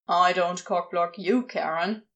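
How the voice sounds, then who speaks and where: A woman's voice: mid-range voice, expressive, slow pace, dull audio. A woman voicing a fed-up sarcastic male demon. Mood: irritated. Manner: exasperated, scolding.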